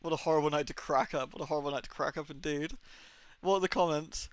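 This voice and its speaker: Brief: male streamer, high bright voice, dry mic, animated self-mocking chatter. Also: quick pace, smooth, no room sound. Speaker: game streamer. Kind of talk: live gameplay commentary.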